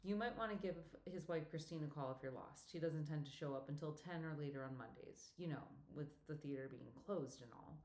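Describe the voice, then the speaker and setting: A woman's voice: low voice, a little fast, few pauses, darkish tone, natural voice. A woman narrator voicing a friendly, teasing older woman who works at a theater box office, with a faint Welsh accent. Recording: echoey room.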